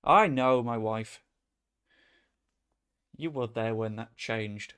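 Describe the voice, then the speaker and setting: A man chatting casually as he streams a football management game, rambling and breaking into sudden excited outbursts. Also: lowish voice, very slow, clear, resonant tone. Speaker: gaming streamer. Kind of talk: casual gameplay commentary.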